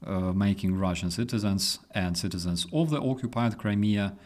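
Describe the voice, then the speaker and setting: A man's voice: fairly low pitch, moderate pace. A man hosting a live news commentary, ranting and swearing, with many fillers. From Ukraine. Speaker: host.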